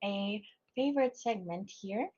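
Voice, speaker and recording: A Filipino woman co-hosting a radio show, softly introducing the next segment. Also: medium pitch, measured pace. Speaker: radio co-host. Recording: dull lo-fi broadcast sound.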